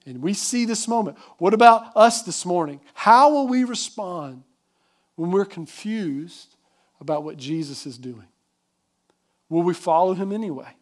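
High-voiced man preaching a sermon. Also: expressive, moderate pace. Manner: emphatic preaching, asks the congregation questions. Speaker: pastor.

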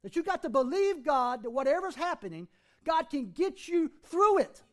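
A man's voice: extremely high pitch, very animated, normal speed, a bit bright. A middle-aged man preaching a sermon as pastor, folksy and conversational, with plenty of rhetorical questions.

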